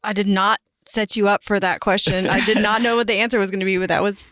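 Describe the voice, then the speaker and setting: A woman's voice: medium pitch, level tone, quick pace, a bit bright, no room sound, studio quality. Woman host interviewing guests. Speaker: podcast host.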